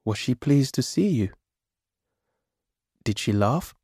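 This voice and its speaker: Man voicing a gentle caring older wife, soft soothing voice, storybook reading, dry close sound. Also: mid-range voice, animated, slow, breathy edge, no room sound, voice pushed up, heavily acted.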